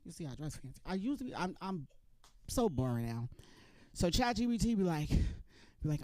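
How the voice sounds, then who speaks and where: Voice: mid-range voice, animated, normal speed, warm tone, no room sound. Open mic comic with a New York accent, chatty, slips into character voices, dry close-miked sound. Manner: chatty, acts out other people's voices. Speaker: stand-up comedian. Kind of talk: stand-up set at an open mic. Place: comedy club stage.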